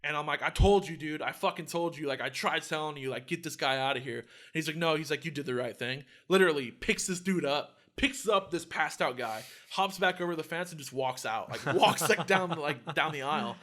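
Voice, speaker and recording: A young man telling a story on a casual podcast, talking fast with a bright, forceful edge. He acts out every quote, swears freely and drops "like" into almost every phrase. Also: a little high. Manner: animated storyteller, acts out quotes, heavy filler "like", swears a lot. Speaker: podcast co-host. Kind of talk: casual chat.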